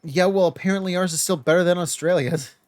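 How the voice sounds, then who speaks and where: A man co-hosting a gaming podcast, chatting casually in an excitable, teasing way. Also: sits high, fast. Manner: excitable, teasing, bursts of loud laughing. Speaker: podcast co-host. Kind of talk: casual chat.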